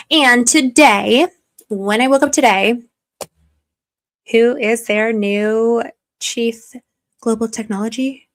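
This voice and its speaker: A young adult woman hosting her own channel, chatting casually and excitedly to viewers in a rambling way, with frequent apologies and asides. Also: medium pitch, no echo. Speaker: channel host. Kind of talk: casual livestream chat to viewers.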